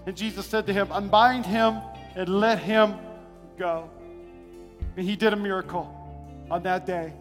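A man preaching an impassioned sermon, swinging between shouts and hushed passages. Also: high-pitched, fairly even intonation, measured pace, pauses often. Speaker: pastor. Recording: long hall reverb, faint music.

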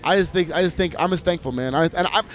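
Quick-paced and a little high, this man's voice belongs to a Minneapolis DJ and producer. As an interview guest in a relaxed chat, he tells lively stories packed with swearing and frequent laughter.

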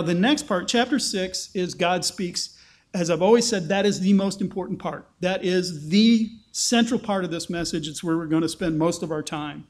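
A man preaching an expository sermon in an animated way, acting out the quotes he tells. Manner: animated, acts out quotes with rising pitch. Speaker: pastor.

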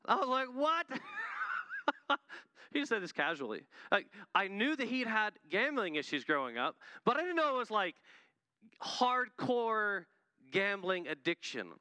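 Man, sermon, bright forceful voice, dry close sound, earnest and emphatic. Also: sits high, sing-song, moderate pace, clean tone, no echo. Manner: earnest, swells to emphatic peaks. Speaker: missionary preacher.

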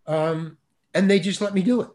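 A man, an actor, telling a casual anecdote animatedly, restarting phrases and punching lines with quick interjections. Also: sits high, a little mellow. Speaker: actor guest telling a story.

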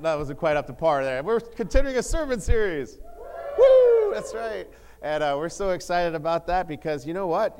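A middle-aged man from Ohio giving a sermon as pastor, upbeat and chatty, with excited whoops between points. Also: mid-range voice.

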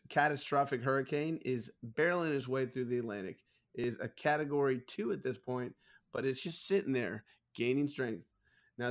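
A man hosting a podcast, reading out odd news stories with comic timing. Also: medium pitch. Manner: comic storytelling, laughing at his own punchlines. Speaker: podcast host.

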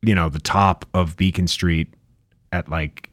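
A man's voice: sits low, steady tone, measured pace, a bit bright, no room sound. A man co-hosting a podcast, chatting casually in a wry, offhand way. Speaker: podcast co-host. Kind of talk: casual comedic chat.

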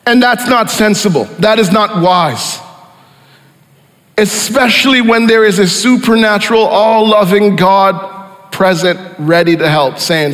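A pastor preaching a sermon with emphasis. He reads scripture aloud, slows down for weight and rises to shouts on key lines. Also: sits high. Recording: reverberant hall with faint music.

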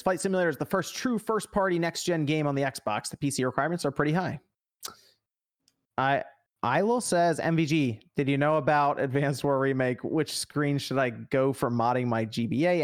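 A man's voice: mid-range voice, normal speed, no echo, clean studio sound. A man hosting a casual gaming podcast, reading out viewer messages and laughing often. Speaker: podcast host reading chat. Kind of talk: casual chat.

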